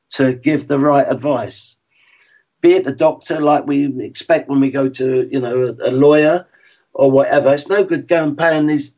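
A man in his sixties, a former footballer, talking frankly and in a measured way as an interview guest. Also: mid-range voice, a little mellow. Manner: frank and plain-spoken, measured. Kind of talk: reflective interview talk. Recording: slightly dull lo-fi sound.

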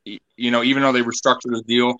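A man joining a podcast by video call, talking casually and halting over his words. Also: mid-range voice, level tone, lo-fi sound, a loud crowd. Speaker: podcast guest. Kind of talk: casual chat.

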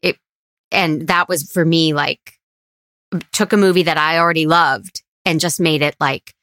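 A woman's voice: deep voice, steady tone, measured pace, a bit bright, no echo, studio quality. A woman who is a guest on a podcast, speaking earnestly and from the heart in a casual film discussion.

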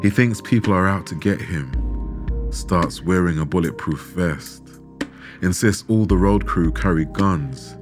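Guy narrating a story real slow and dramatic, music playing behind him. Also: low-pitched. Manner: measured, dramatic storytelling with rhetorical questions. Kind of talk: scripted documentary narration. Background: background music.

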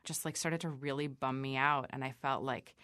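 A woman in her thirties, a chef and restaurant owner, talking casually in an interview, full of "like" fillers and quoting people in lively voices. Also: a bass voice, moderate pace, clear, resonant tone, dry recording, studio quality.

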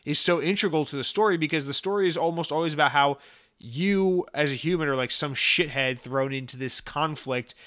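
A man's voice: fairly high pitch, brisk, fairly bright tone. A man hosting a casual gaming news podcast, blunt and ranting, with frequent swearing. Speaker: podcast host.

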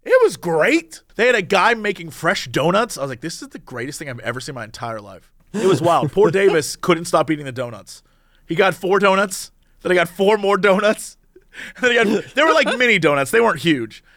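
High-voiced guy cohosting a podcast, swoops all over while rambling through a story, dry close mic. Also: very animated, moderate pace, a bit bright, no echo. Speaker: podcast co-host. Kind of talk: casual chat.

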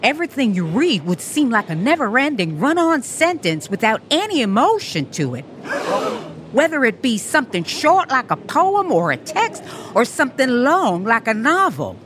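A woman's voice: fairly high pitch, big pitch swings, normal speed, hardly any pauses, a bit bright, a little hiss or hum. A woman co-hosting a kids' educational podcast, explaining things expressively. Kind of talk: playful kids' educational narration.

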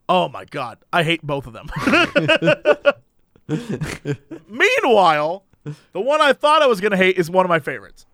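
Animated high-voiced man chatting. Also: normal speed, long pauses, dry recording, studio quality. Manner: animated storyteller, acts out quotes in voices. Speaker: podcast co-host. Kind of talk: casual chat recapping a reality show.

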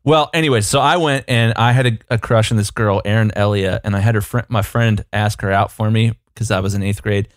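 A man co-hosting a podcast, telling a rambling, animated anecdote in casual chat, full of fillers. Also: lowish voice, brisk, hardly any pauses, no room sound, clean studio sound. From United States. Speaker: podcast co-host.

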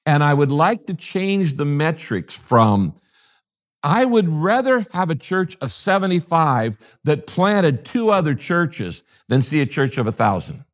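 A man's voice: on the high side, big pitch swings, unhurried. An older man, a pastor from the United States, talking in an interview in an emphatic, preacherly way and repeating his key phrases. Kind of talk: interview conversation.

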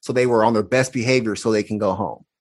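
A man's voice: on the low side, quick pace. A man, a podcast guest, telling a personal story in an earnest, reflective way, acting out the quoted dialogue.

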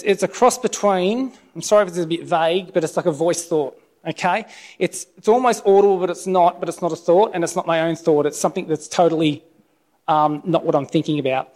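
A man's voice: on the high side, darkish tone. A middle-aged man preaching an informal sermon, telling a personal testimony in a conversational way and tagging his lines with "okay?". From Australia.

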